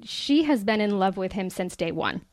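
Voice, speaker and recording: A woman in her thirties chats with friends on a podcast, telling a story in a loose, animated way with plenty of fillers. Her voice sits at a middle pitch and sounds dry and close. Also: moderate pace, dry recording. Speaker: podcast co-host presenting a book. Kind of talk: casual chat.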